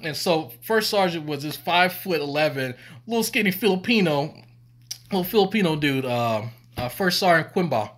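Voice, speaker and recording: A man's voice: fairly high pitch, expressive, moderate pace, fairly bright tone. Profane man rambling through old stories. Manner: profane, rambling, laughs often. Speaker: streamer telling army stories. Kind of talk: casual storytelling on stream.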